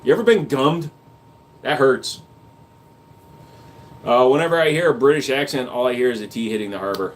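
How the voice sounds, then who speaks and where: Slightly high and animated, the man's voice moves a little slowly with long pauses. He's running a livestream, reading comments from chat aloud and responding with crude humor and casual gun chatter.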